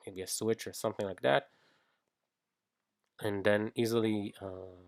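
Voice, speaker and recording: Man, coding tutorial, slow halting delivery, gravelly low voice, dry close sound. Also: darkish tone, dry recording. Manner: halting, thinking aloud with fillers and restarts. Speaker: iOS developer teaching. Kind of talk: screen-recorded coding tutorial.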